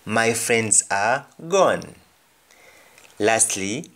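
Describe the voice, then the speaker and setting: A man's voice: lowish voice, very slow, fairly bright tone. A man with a Jamaican accent teaching a language lesson, saying each example phrase twice and then translating it. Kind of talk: slow explanatory lesson with repeated example phrases.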